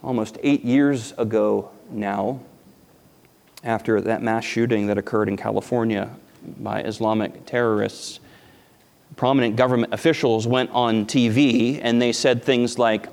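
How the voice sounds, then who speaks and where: A man preaching a sermon as pastor, earnest and emphatic, repeating phrases and dropping his voice very low at key points. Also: fairly even intonation, a little slow, creaky, darkish tone. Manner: earnest, emphatic preaching with repetitions and dramatic drops to near-whisper. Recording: hall reverb.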